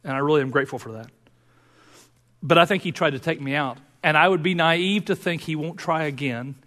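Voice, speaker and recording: A man preaching a sermon as pastor of his church, earnest, moving between fervent urging and quiet personal confession. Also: fairly high pitch, brisk. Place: church sanctuary. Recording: long hall reverb.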